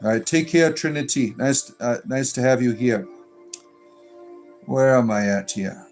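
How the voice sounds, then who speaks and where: A man's voice: medium pitch, unhurried, a little mellow, faint music behind. A man hosting a pagan livestream, reading and answering chat comments in a sarcastic, exasperated way with lots of fillers. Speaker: pagan clergy livestream host.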